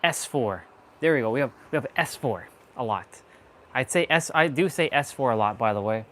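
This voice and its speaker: A man's voice: mid-range voice, lively intonation, moderate pace, fairly bright tone. A man chatting casually on a live gaming stream, playful and muttering to himself as he plays. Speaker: livestream gamer.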